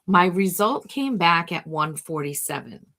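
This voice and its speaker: A woman's voice: on the low side, lively intonation, measured pace, bright, forceful tone. A middle-aged woman hosting a casual talk to camera, chatty and thinking aloud, talking to herself by name. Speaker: host.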